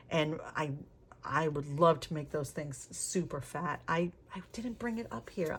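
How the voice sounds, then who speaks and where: Low-voiced chatty woman vlogger. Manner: chatty, candid, swears casually, laughs often. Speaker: planner vlogger. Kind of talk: casual flip-through chat.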